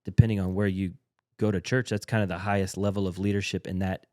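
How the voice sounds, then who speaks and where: A man's voice: deep voice, level tone, fast, a little mellow, dry recording, clean studio sound. A man who leads in a church, a podcast guest explaining his ideas earnestly and step by step. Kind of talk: casual conversational interview.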